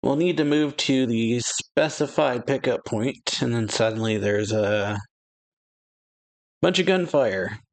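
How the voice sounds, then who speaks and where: A man casually reading a manga chapter aloud and retelling its dialogue, with lots of "yeah" and "uh" and quick exclamations. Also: mid-range voice, vocal fry. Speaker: anime reaction channel host. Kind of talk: casual manga read-along with reactions.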